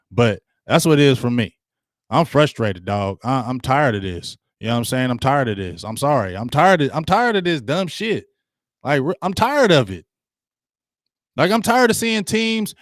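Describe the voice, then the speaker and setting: A middle-aged man with a fairly high voice hosts a sports talk show, heatedly ranting at his live viewers in slang and repeating himself. The recording is dry, with studio quality.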